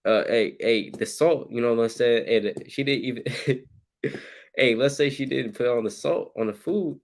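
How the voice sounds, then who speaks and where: A man teaching scripture in casual slang, acting out scenes with sudden loud shouts. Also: mid-range voice, moderate pace.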